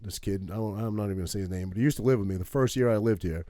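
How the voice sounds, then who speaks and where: Very fast and on the low side, a Maine man co-hosting a podcast tells a long, profane story with animated flair, peppering it with "right?". There's no room sound, and the quality is studio grade.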